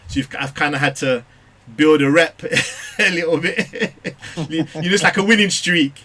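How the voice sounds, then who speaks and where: A man from England, a parent, telling a Bible study group about his children in a lively, animated way, acting out their voices. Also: on the high side, moderate pace. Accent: British English. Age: adult parent. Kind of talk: casual group discussion.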